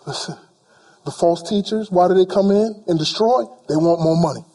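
A man a sermon in a strikingly high voice. He hammers points home by repeating lines and slips into casual speech as he acts out everyday people. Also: moderate pace, warm tone. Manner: emphatic, repeats phrases for emphasis, voices imagined people. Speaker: preacher.

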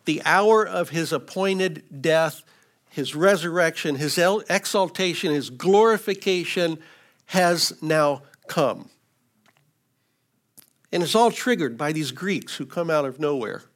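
A man's voice: on the high side, expressive, unhurried. A man preaching an expository sermon, teaching through scripture verses with frequent restarts. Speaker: pastor.

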